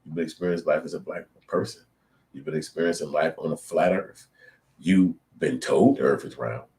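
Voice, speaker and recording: Very deep-voiced man ranting bluntly. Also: a little fast, mellow. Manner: blunt, profane, preachy ranting with acted-out quotes. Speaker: show host. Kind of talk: casual opinion monologue to viewers.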